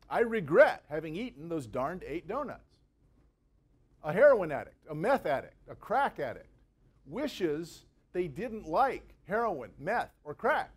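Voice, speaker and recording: A man's voice: on the high side, big pitch swings, normal speed. A man giving a university guest lecture in a conversational, jokey way, with everyday examples. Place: university venue with a live audience.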